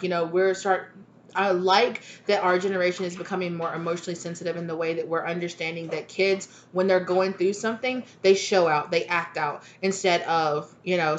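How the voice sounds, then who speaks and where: A woman's voice: lowish voice, lo-fi sound, slight background noise. A woman giving a casual, rambling tarot reading, chatty and full of fillers and restarts. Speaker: tarot reader.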